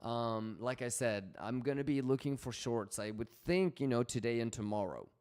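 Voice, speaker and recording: A man's voice: mid-range voice, normal speed, a little mellow, smooth. A man hosting a casual trading livestream, slangy and swearing freely as he reads out chat messages.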